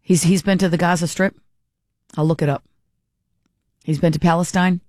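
A woman's voice: on the low side, fairly even intonation, moderate pace, a little mellow, no room sound, studio quality. A woman hosting talk radio, reading out listener texts and answering them bluntly and with strong opinions. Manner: blunt, opinionated, talks back to texters. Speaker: radio talk show host.

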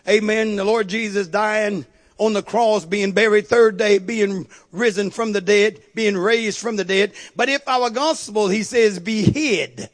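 A man's voice: high-pitched, unhurried. A male pastor preaching a sermon with call-and-response, building to emphatic outbursts.

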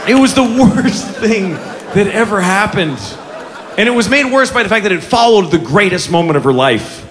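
A male stand-up comic tells his bit in a high, wildly lively voice, animated and profane. Loud crowd laughter and steady noise surround him on a live comedy stage. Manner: animated and profane, with quick shouts. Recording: live club audience, noisy. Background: audience laughter.

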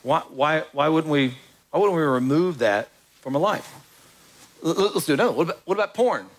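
A man preaching a sermon in an animated, conversational way, with quick asides to the congregation. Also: a little high. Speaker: pastor.

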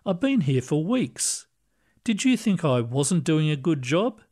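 A man reading aloud, voicing a timid, gentle older woman who is newly dead, with a soft, hesitant manner. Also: fairly high pitch, sing-song, measured pace. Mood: bewildered.

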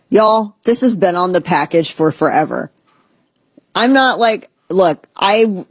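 A woman's voice: on the low side, a little mellow, husky, no echo. A woman hosting a talk show, giving blunt, sarcastic, rambling commentary. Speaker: podcast host. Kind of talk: opinionated casual commentary.

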